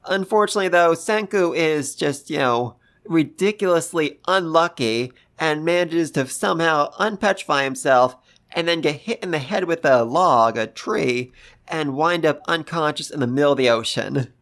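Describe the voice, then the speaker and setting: A host giving a casual, gushing review of a manga chapter, talking excitedly and repeating phrases for emphasis. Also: mid-range voice, moderate pace. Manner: gushing, excitable, gasps and laughs. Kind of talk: casual commentary.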